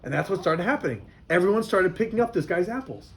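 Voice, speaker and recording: A man's voice: high voice, expressive, fast, hardly any pauses. A man, a rabbi, teaching a class of boys and telling them a story, often repeating himself.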